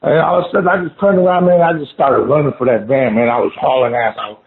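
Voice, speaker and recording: A man casually telling a scary story of his own, animated and swearing, saying "man" at every turn. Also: medium pitch, fast talker, crowd noise. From Oklahoma. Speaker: guest telling an encounter story. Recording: phone-line call audio.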